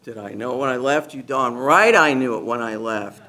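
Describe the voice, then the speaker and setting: A man giving a personal testimony to a gathered group, an animated storyteller who acts out other people's lines and laughs often. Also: mid-range voice, a little fast. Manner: laughs often while talking. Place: meeting room with a gathered group.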